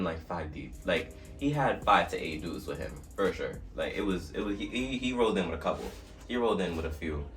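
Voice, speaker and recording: Slangy young man telling a story. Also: low voice. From New Jersey. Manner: animated, slangy storytelling with profanity. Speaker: vlogger. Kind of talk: storytime vlog. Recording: distant mic with faint music.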